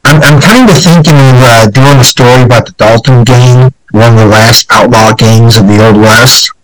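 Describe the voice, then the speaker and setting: A man hosting a podcast in casual chat, halting with fillers while fighting the flu. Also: mid-range voice, fairly bright tone, no echo, low-quality recording. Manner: halting, many fillers and restarts. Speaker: podcast host.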